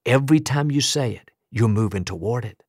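A man's voice: mid-range voice, animated, brisk, darkish tone, husky, no echo, clean studio sound. A man preaching a sermon as pastor, emphatic and building rhythmic lists of declarations.

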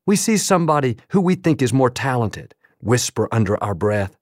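A man preaching a sermon in a rhythmic, emphatic way, slowing down on quoted phrases. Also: mid-range voice, no echo, clean studio sound. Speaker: pastor.

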